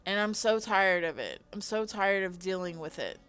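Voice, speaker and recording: A woman's voice: medium pitch, expressive, normal speed, a bit bright, clear, resonant tone, faint music behind. A woman designer venting on a livestream, emphatic, exasperated and full of swearing.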